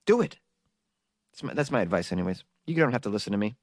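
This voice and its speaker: A man's voice: lowish voice, sing-song, quick pace, music in the background. Jokey, rambling male podcast host. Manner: rambling, jokey, laughs often. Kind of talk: casual comedic news commentary.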